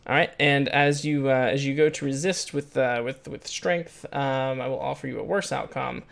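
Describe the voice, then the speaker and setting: A man narrating as game master of a tabletop game, talking haltingly with many fillers and restarts. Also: medium pitch, fairly even intonation, creaky, fairly bright tone.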